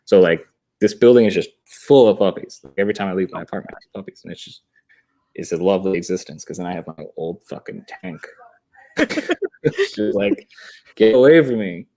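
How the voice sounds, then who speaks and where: A man's voice: sits low, very animated, a little fast, dark tone. A young man on a video call, chatting casually and rambling, laughing often and swearing. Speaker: podcast guest.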